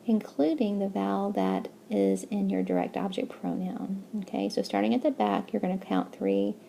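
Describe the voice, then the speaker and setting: A woman's voice: mid-range voice, fairly even intonation, moderate pace, gravelly, mellow, a little hiss or hum. A woman teaching a recorded language lesson, explaining step by step with patience and checking in with "okay?". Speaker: Spanish teacher.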